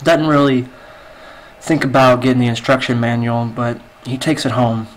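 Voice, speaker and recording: A man's voice: medium pitch, flat delivery, normal speed, a little hiss or hum, rough recording. A man telling a long dirty joke in game voice chat, rambling with lots of fillers, on a headset mic. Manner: rambling, filler-heavy storytelling. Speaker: game player.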